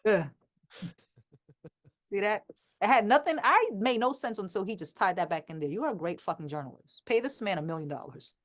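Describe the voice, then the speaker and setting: A woman's voice: mid-range voice, normal speed. A woman rapper from Queens with a New York accent, talking bluntly and with plenty of swearing as an interview guest. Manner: blunt, profane, animated. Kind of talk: casual interview chat.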